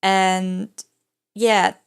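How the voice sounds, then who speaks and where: Young woman, YouTuber, casual chatty voice-over, fry-heavy voice, rambling, giggly, excitable. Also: mid-range voice, very slow. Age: young adult. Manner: rambling, full of "like" and "I don't know". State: throat a bit rough.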